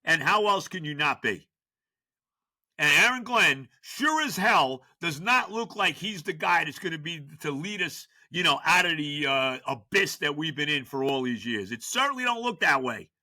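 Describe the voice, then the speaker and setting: A man's voice: sing-song, normal speed. Fired-up older man ranting on sports. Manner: exasperated ranting, frequent stammered restarts, swings from loud shouts to low grumbles. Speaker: podcast host. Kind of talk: sports rant.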